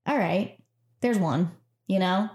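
A woman's voice: fairly low pitch, slow pace, a little mellow. Chatty self-mocking young woman co-host. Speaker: podcast co-host. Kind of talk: casual chat.

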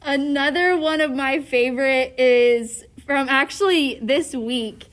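A woman's voice: high-pitched, takes it slowly. A woman teacher chatting casually on a class podcast, telling funny stories with lots of giggles. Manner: giggly, animated storyteller. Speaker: middle school teacher. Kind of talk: casual podcast chat with students.

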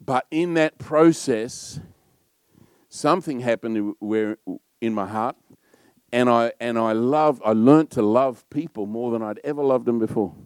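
Loud Australian pastor, dry sound. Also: male voice, mid-range voice, measured pace, clear, resonant tone, no echo. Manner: loud, warm storytelling with frequent laughs. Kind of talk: sermon.

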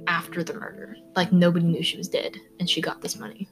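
A woman's voice: fairly low pitch, monotone, quick pace, music in the background. Young woman rambling through a crime story. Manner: rambling, filler-heavy, stumbles over names. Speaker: podcast host. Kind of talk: casual true-crime chat.

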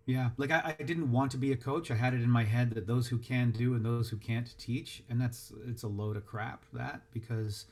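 Halting, reflective male voice actor. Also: medium pitch, steady tone, darkish tone. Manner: halting, reflective, many restarts. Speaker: voice actor and dialect coach. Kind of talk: interview answers.

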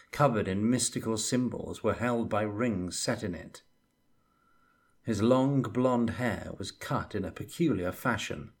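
A man reading a fantasy novel aloud as narrator, in a measured, even storytelling manner. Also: on the low side, breathy edge. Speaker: audiobook narrator.

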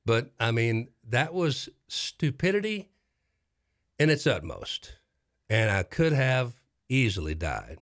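Middle-aged guy telling a wild story on his talk show, pitch jumping all over, super animated. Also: slow. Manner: animated, dramatic retelling with repeated phrases.

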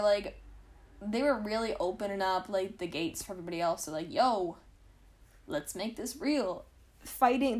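A young woman with a fairly high-pitched voice hosts a podcast from home, telling history in a casual storytelling style. She's chatty and full of "like" and self-corrections.

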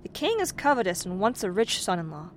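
A woman's voice: medium pitch, big pitch swings, fairly quick, a little hiss or hum, natural voice. A greedy young farmer, read by a woman. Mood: eager. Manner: eager, demanding. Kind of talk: storybook reading.

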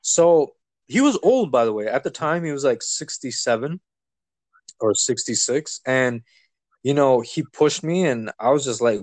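Lively storytelling man, dry sound. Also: medium pitch, a little slow, dry recording. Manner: animated, acts out quoted dialogue. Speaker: guest telling a life story. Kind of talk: casual storytelling chat.

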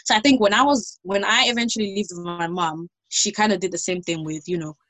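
A woman's voice: mid-range voice, brisk, a bit bright, no room sound. A young woman in casual chat with friends, talking in a chatty way with many restarts and fillers. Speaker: panel guest.

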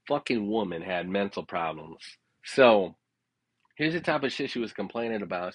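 A man's voice: lowish voice, lively intonation, moderate pace, breathy edge, no room sound. A man telling a rambling personal story in a casual, profane way. He keeps checking in with his listeners and laughs at his own tale. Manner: rambling, profane, frequent "you know what I'm saying".

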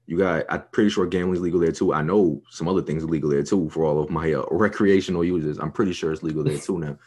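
A man's voice: a bass voice, quick pace, a little mellow, slightly rough. A young man, co-hosting a podcast, hyped and swearing often as he talks up his picks. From New York. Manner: profane, hyped, swaggering. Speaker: podcast co-host. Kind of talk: casual podcast banter.

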